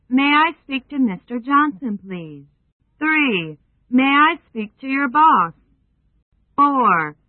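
Woman, slightly high voice, slow drill reader, tinny phone-like dry recording. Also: no echo. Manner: slow, careful, evenly read phrases. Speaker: English phrase reader. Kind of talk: numbered phrase drill for learners.

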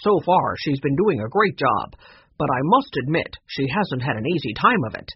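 Audiobook: a genial middle-aged businessman, lively, husky, a man reading. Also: fairly high pitch, moderate pace, no echo, muffled recording, exaggerated voice. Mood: friendly. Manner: friendly, explanatory. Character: friendly middle-aged male radio station owner.

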